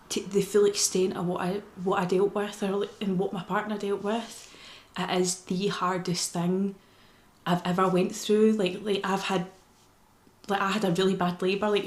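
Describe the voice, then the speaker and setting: A woman's voice: medium pitch, roomy sound. A woman with a Scottish accent giving a casual personal update to her vlog, telling her story in an earnest, emotional way. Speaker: vlogger.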